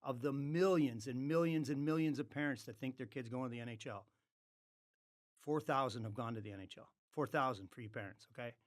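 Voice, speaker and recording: A man's voice: medium pitch, a little fast, dry recording, clean studio sound. A man telling a blunt anecdote on a podcast, acting out the quoted dialogue. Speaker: podcast guest. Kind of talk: casual anecdote.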